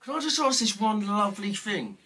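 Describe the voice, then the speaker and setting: A man talks casually on a trading livestream, with a bright, forceful voice. His pitch swings widely as he jokes and swears bluntly. The banter feels loose and playful. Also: lively intonation, a little fast, breathy edge.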